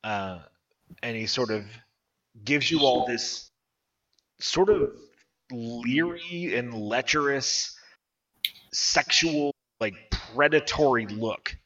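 A man narrating a tabletop game as game master, describing scenes slowly and vividly over an online voice call. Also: mid-range voice, animated, sharp tone, muffled recording, slight background noise. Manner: slow, vivid scene description with drawn-out words.

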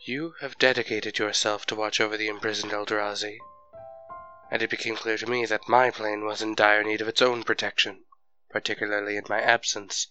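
A man's voice: on the low side, sharp tone, poor audio. An actor playing an ancient male planeswalker mentor, detached, bored and talking down to his former pupil in an audio drama.

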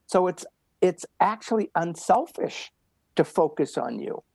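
Older male interview guest, gravelly and breathy, punchy repeated phrases. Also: high voice, expressive, unhurried, a little mellow, no room sound. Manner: emphatic, repetitive motivational delivery. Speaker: guest runner. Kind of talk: storytelling interview.

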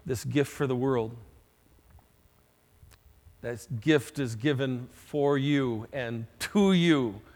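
Slow-preaching man in a reverberant hall. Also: medium pitch. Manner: slow, emphatic preaching with dramatic rises in loudness. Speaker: pastor. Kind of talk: sermon.

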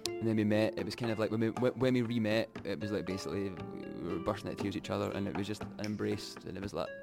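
A young Scottish man telling his own story candidly, reflective and halting, often restarting his sentences. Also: fairly low pitch, steady tone, vocal fry, music in the background.

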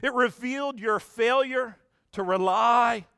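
A man giving a sermon as a lively, conversational story, often turning to talk straight to his listeners. His voice sits high and sounds bright and forceful. The recording is dry, with almost no room sound. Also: slow, smooth, no echo. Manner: animated, chatty, addresses the congregation directly. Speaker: pastor.

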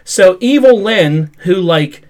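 High-voiced man in an exasperated rant. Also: slow pace. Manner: animated, exasperated recapping with lots of "like" and swearing. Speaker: podcast host. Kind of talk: casual pop culture review chat.

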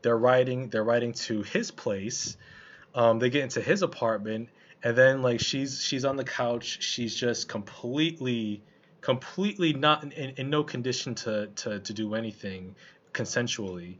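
A man's voice: medium pitch, normal speed. A man chatting casually about a film he saw, loose and colloquial, with lots of restarts and fillers. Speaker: film reviewer. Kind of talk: casual film review chat. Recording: slightly muffled lo-fi recording.

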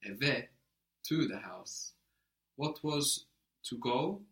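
A man's voice: mid-range voice, lively intonation, extremely slow, fairly bright tone. A man teaching a language lesson, patiently prompting a learner and giving short praise.

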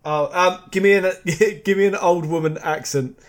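A man's voice: sits high, moderate pace. A man in a casual comedy read-through, eager and laughing as he asks to play a part.

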